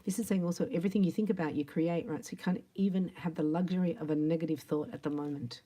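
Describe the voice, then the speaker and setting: A woman giving a tarot reading in a chatty, animated monologue, acting out imagined quotes and sometimes dropping to a soft whisper. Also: on the low side, fast. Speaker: tarot reader.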